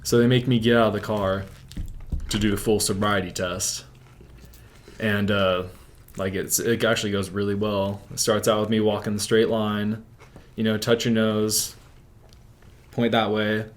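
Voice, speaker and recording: A man's voice: on the low side, little pitch movement, a little slow, long pauses, slight background noise. A young man telling a story as an interview guest, rambling, with filler "like" in nearly every sentence. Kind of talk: casual storytelling.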